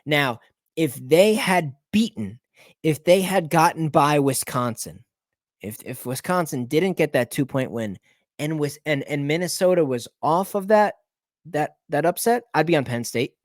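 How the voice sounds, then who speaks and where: A man's voice: on the high side, expressive, unhurried, no echo, studio quality. A man hosting a casual solo rundown of his sports betting picks, thinking aloud, rambling and correcting himself as he checks scores.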